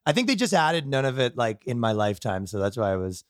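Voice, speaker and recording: A podcast host from Canada chats loosely, wandering through his thoughts with plenty of filler words. His voice sits at an ordinary middle pitch for a man. The recording is close and dry, with no room sound. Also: very animated, fast talker, no echo. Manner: rambling, heavy on filler words. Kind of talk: casual podcast chat.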